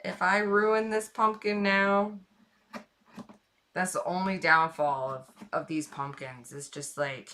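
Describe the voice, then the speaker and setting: Woman, live streamer, casual chat, playful and rambling, slow pace, bright tone. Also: lowish voice, steady tone, a little hiss or hum. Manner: playful, rambling, chatty to viewers.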